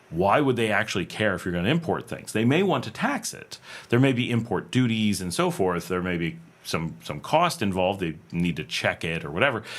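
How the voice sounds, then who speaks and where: A man from the United States hosts a casual livestream from a home room with air conditioning, reading viewer comments aloud and rambling through his answers with many fillers and restarts. His voice is deep with a fairly bright tone.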